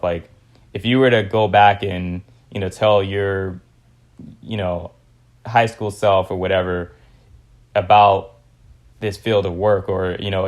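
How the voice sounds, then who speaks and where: A young man from California hosting a casual podcast interview, laid-back and slangy with lots of fillers. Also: deep voice. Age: young adult. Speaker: podcast host.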